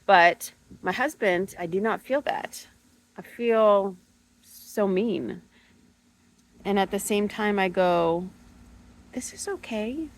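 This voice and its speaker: A woman in her thirties talking through a personal struggle in a reflective monologue, thoughtful and hesitant, with many pauses and restarts. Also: mid-range voice, low-quality recording. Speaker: spiritual podcast host.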